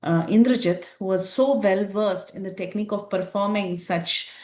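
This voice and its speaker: A woman teaching a scripture class, retelling an epic story in an animated way with many fillers. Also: mid-range voice, moderate pace, roomy sound.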